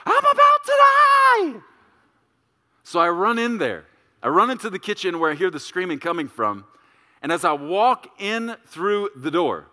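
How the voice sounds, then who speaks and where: A middle-aged man preaches a sermon in a church hall, his voice bright and pitched a little high for a man. He tells a story with very animated delivery, jumping into loud, shouted voices for its characters. A long reverb trails behind him. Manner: storytelling, acts out voices with big swings in pitch and volume. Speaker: pastor.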